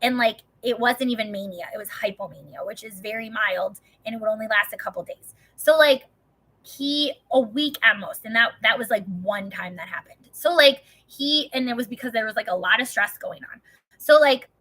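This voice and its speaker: A young adult woman talks loosely and candidly, her voice bright and a touch high. She rambles from point to point, swears freely and leans on "like" in nearly every line. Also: moderate pace. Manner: rambling, profane, heavy filler "like". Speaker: vlogger. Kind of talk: casual chat.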